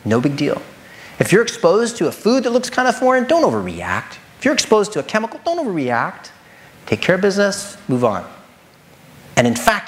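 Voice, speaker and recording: A man giving a lecture presentation as a nutritionist, animated, firing rhetorical questions and addressing the audience directly. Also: high-pitched, slight background noise.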